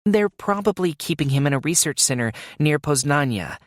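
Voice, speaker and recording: A determined young woman talks fast and urgently, her voice lifted high and moving a lot. A man acts her out in an audiobook reading. The sound is close and dry. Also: animated, no echo, lightly acted.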